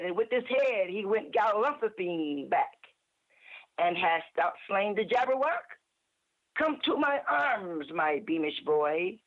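Woman reciting a poem over a phone line. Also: lowish voice. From Ohio. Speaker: caller. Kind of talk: reading a poem aloud on a call-in show.

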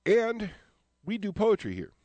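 A man's voice: sits high, huge pitch swings, measured pace, darkish tone, no echo. A man hosting a radio show from a studio, talking in a jokey, upbeat, plain-spoken way. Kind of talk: casual radio talk.

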